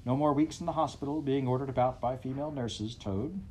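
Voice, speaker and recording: A man's voice: medium pitch, a little fast, mellow, slight background noise, voice pushed up, close to an everyday voice, poor audio. A man voicing an earnest, firm little male mole.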